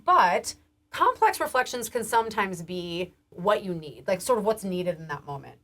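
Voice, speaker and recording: A woman's voice: medium pitch, big pitch swings, normal speed. A woman health educator giving a recorded training lecture, casual and chatty with frequent laughs, restarts, and a rising lilt at the ends of phrases. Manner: casual, warm, laughs often, many restarts and fillers.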